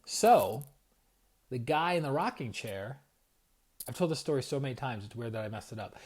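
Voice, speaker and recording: A man in his forties hosting a casual evening livestream as a spiritual coach, telling stories in a rambling, lively way and greeting viewers by name. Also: mid-range voice, normal speed, breathy edge. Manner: animated storyteller, rambling with restarts and viewer shout-outs. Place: home at night.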